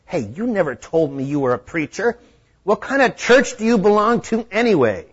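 A man voicing a gruff, blunt diner cook. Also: mid-range voice, very animated, normal speed, a little mellow. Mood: challenging. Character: gruff middle-aged male diner cook. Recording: dull lo-fi recording.

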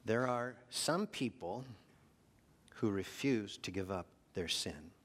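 A man preaching a sermon, asking his congregation rhetorical questions and dropping to a hush for emphasis. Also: fairly low pitch, lively intonation, takes it slowly. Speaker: pastor.

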